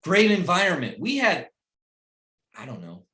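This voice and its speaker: A man's voice: high-pitched, huge pitch swings, measured pace. Emphatic middle-aged man, roomy echo. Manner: emphatic and repetitive, swinging from loud pep-talk to quiet personal storytelling. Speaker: team leader addressing his recruits. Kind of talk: motivational speech on a video call. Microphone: video call.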